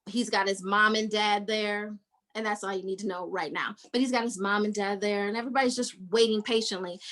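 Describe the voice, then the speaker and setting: Bright-voiced woman retelling a story. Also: medium pitch, low-quality recording. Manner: animated storytelling, acts out characters' lines. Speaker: podcast host. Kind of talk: casual book recap chat.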